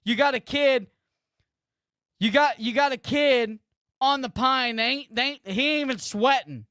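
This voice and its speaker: A man's voice: very high voice, unhurried, pushed and bright, no room sound, studio quality. A man in his thirties hosting a live football watch-party stream, ranting about a player in a repetitive, profane way. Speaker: sports streamer host.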